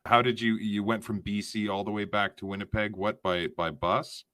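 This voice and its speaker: A man's voice: lowish voice, level tone, normal speed, fairly bright tone, no room sound. A man hosting a podcast, chatting casually with laughs and self-deprecating digressions. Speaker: podcast host. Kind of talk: casual conversational interview.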